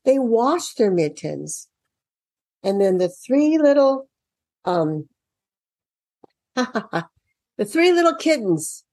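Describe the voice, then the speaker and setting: A woman talks parents through a children's workbook in an unhurried, casual way, her pitch rising and falling freely. She reads passages aloud and answers her own questions as she goes. The sound is dry and close. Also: sing-song, a little mellow, no room sound. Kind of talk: casual explanatory walkthrough.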